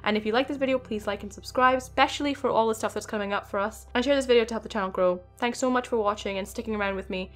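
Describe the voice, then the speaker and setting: A young woman hosting a gaming channel, talking in an excited, rambling way with many fillers. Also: fairly high pitch, racing, hardly any pauses, soft background music. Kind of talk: casual video game commentary.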